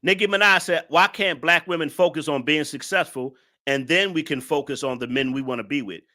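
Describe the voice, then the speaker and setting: A man's voice: a little high, fairly quick, sharp tone. A man hosting a live stream reaction, talking to his chat in a mocking, laughing way.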